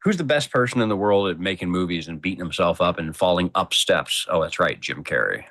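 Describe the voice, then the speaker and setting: A man's voice: low-pitched, expressive, fairly quick, a bit bright, no echo. A man guest on a casual talk show, thinking aloud and making emphatic points. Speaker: podcast guest. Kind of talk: casual chat.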